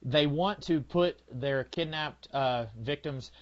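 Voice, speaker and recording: A man with a slightly raised pitch rambles through casual movie review chat, halting often and stacking "uh" and "like". His voice comes through a dull, lo-fi recording. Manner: rambling, halting, with many fillers and restarts. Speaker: podcast co-host. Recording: lo-fi, dull sound.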